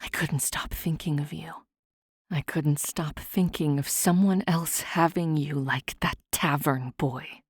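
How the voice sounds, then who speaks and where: A woman voicing a wounded, vengeful male Fae king in a low, hushed, menacing half-whisper for an audiobook. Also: steady tone, slow pace, slightly rough, no echo, clean studio sound, full character voice.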